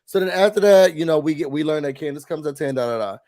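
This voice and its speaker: High-voiced man, nasal from a cold. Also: quick pace. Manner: animated, acts out quotes with big shouts. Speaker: podcast co-host. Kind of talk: casual recap chat.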